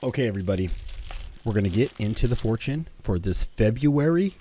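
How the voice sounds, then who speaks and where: A man's voice: fairly low pitch, lively intonation, fairly quick, dark tone, slight background noise. A man co-hosting a casual podcast, easygoing, reading out a fortune and addressing everybody. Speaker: podcast co-host.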